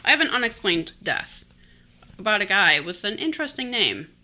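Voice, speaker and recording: A woman co-hosts a podcast and tells a mystery story in easy, joking chat. Her voice is very bright and sharp-edged. Her pitch jumps around with lively energy. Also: moderate pace, slight background noise. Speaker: podcast co-host.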